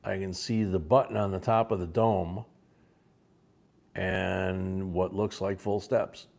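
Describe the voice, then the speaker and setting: Slow, gravelly-voiced man calling an auction. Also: sits low, flat delivery, darkish tone. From Chicago, USA. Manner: chatty, calls out bidders' names and bids between asides. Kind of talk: live-streamed coin auction chat.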